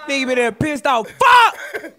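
A man with a Southern US accent, co-hosting a comedy podcast and riffing loudly, often shouting and laughing as he tells stories. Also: extremely high pitch, normal speed. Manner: loud animated storytelling, often shouting and laughing. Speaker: podcast co-host.

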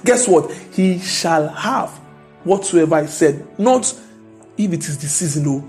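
A high-pitched man preaching. He drives each point home, climbing into loud declarations, with soft music faint in the background. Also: expressive, moderate pace. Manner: emphatic, rising to loud declarations. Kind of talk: sermon.

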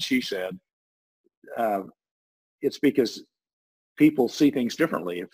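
A man's voice: on the low side, breathy edge, poor audio. A man talking through an idea in a loose, rambling way, often restarting his sentences. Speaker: guest explaining a voice technology. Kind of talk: casual explanatory talk.

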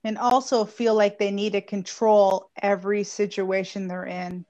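A woman in a relaxed conversation listens closely and supports her friend. She chimes in with short agreeing comments and sometimes gives her own view. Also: mid-range voice, unhurried. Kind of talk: casual conversation.

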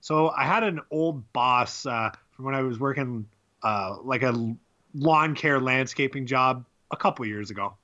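A man's voice: mid-range voice, measured pace, sharp tone, muffled recording. A young man co-hosting a podcast, rambling and laughing as he tells stories, swearing freely. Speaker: podcast co-host. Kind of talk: casual chat.

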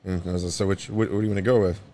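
A man with a very low voice telling a story in a relaxed podcast chat. He swears offhandedly, trails off into chuckles, and lifts his voice when he quotes someone. A faint ambient noise sits under the voice. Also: rapid-fire. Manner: laid-back, swears casually, trails off with chuckles. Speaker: podcast co-host. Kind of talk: casual chat.

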